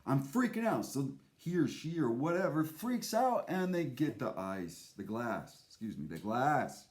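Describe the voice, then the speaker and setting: A man's voice: medium pitch, sing-song, unhurried, darkish tone. A man hosting his own show in a rambling, theatrical monologue, swearing often and jumping from thought to thought. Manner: profane, erratic, theatrical. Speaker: host.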